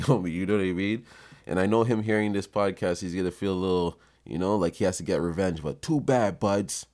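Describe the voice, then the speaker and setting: A man hosting a podcast, telling a story in a swaggering, profane, unhurried way. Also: sits low, darkish tone. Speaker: podcast host. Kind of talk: casual storytelling.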